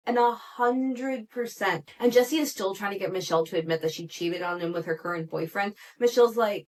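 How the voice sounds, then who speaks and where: A woman hosts a podcast and talks through a reality TV episode in a loose, gossipy recap. Her voice sits at a middle pitch, and she keeps up an animated, chatty flow full of "like" fillers and quick laughs. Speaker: podcast host.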